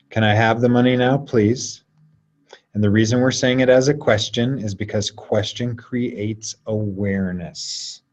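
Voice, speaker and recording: A man leading an online class through a guided energy exercise, talking slowly and coaxingly with long pauses. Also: low voice, darkish tone. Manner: slow, soothing, coaxing delivery with drawn-out pauses. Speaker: class leader. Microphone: video call. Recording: lo-fi video call audio.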